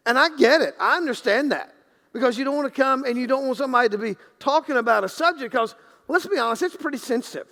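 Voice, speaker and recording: A man's voice: very high voice, fairly quick, a bit bright, big-room sound. A man preaching a sermon as pastor in a church sanctuary, talking in a loose, conversational way with many restarts and acted-out quotes.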